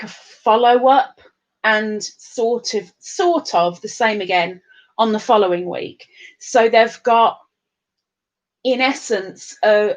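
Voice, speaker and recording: An English woman with a somewhat high voice hosts a live stream at an unhurried pace. She chats casually, rambles and restarts her sentences, and reads viewer comments aloud. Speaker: livestream host.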